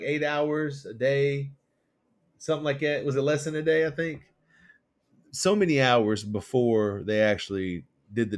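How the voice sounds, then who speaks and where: A man co-hosting a political podcast, rambling and animated as he retells stories with quoted voices. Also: medium pitch. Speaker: podcast co-host. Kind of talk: casual political chat.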